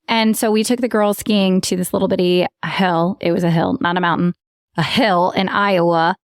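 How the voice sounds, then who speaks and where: Podcast co-host: a lively storytelling woman who acts out voices, dry close sound. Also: fairly low pitch, normal speed, no room sound. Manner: animated storyteller who acts out quotes and laughs often. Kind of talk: casual chat.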